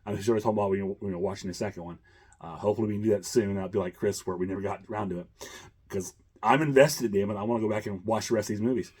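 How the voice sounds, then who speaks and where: Low husky man, rambling chatty host. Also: very fast, a little mellow. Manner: rambling, chuckling, many fillers. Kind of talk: casual chat.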